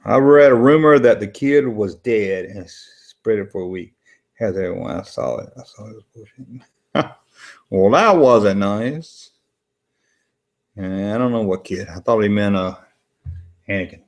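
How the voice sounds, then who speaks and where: A man's voice: on the low side, unhurried, long pauses. Laid-back man rambling late at night. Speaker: host of a late-night movie watch-along stream. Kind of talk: casual live commentary while reading chat. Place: home room, late at night.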